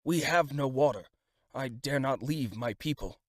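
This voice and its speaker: A man reading an audiobook voices a startled, protective young man answering in tense, hurried lines. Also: medium pitch, no room sound, clean studio sound, voice pushed up, natural voice. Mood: alarmed.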